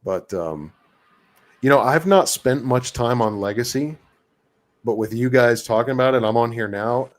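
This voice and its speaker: A man with a mid-range pitch, chatting casually on a live stream. He rambles and leans on fillers, and he often mocks himself as he talks. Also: normal speed. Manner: rambling, filler-heavy, self-mocking. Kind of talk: casual chat.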